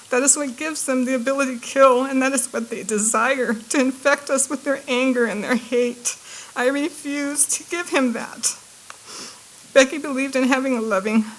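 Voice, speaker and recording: A woman's voice: high voice, poor audio. A woman, a victim's aunt, reads a prepared impact statement in a courtroom, her voice breaking with emotion at times. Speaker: victim's family member giving an impact statement.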